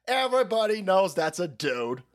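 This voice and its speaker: A man doing a shrill, brash older woman. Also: sing-song, normal speed. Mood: dismissive.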